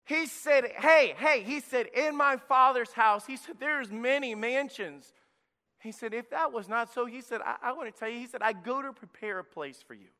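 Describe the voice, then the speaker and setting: Pastor type, male, high and bright, lively preaching, long reverb. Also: normal speed. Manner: energetic, preachy, drops to a hush for emphasis. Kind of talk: children's sermon.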